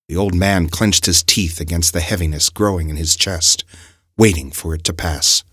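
A man narrating an audiobook story with expressive, dramatic delivery. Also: sits low, normal speed, husky, no echo, clean studio sound.

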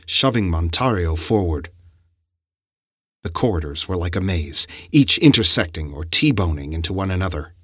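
Brief: male audiobook narrator, low husky voice, lively melodic reading, dry close sound. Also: moderate pace, no echo. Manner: expressive, dramatic storytelling.

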